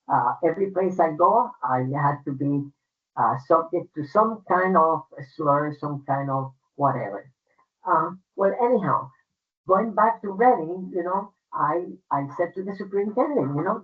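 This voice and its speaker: Older Puerto Rican-accented woman, emphatic personal storyteller, tinny phone-like audio. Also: low-pitched. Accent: Puerto Rican Spanish. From Puerto Rico. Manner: emphatic, conversational, frequent fillers. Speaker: guest speaker.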